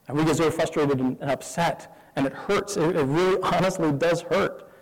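A man's voice: a little high, moderate pace, few pauses. Candid male pastor preaching in a hall. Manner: candid, conversational, many rhetorical questions. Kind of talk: sermon.

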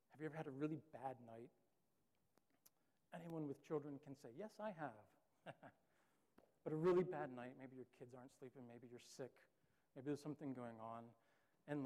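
A man's voice: medium pitch, mellow. A young man preaching a sermon in a loose, chatty storytelling way, full of filler words. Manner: casual, storytelling with many "like" fillers. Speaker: pastor. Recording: long reverb of a large hall.

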